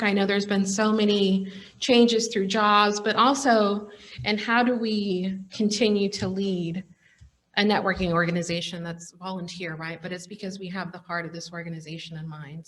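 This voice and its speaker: A woman's voice: mid-range voice, a bit bright. A woman, the outgoing president, giving an emotional farewell speech at an awards program, a little choked up and laughing through it.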